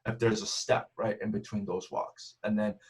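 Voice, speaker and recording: A man's voice: lowish voice, flat delivery, moderate pace. A man giving a math seminar talk over a video call, explaining step by step and often checking in with "right?". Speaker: math speaker.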